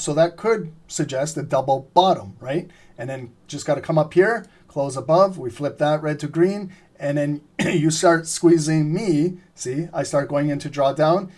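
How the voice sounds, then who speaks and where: A man giving live trading commentary, explaining steadily and often clearing his throat as he says he is losing his voice. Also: on the high side. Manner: steady explanatory, repeats "remember" and "right?". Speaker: trading streamer.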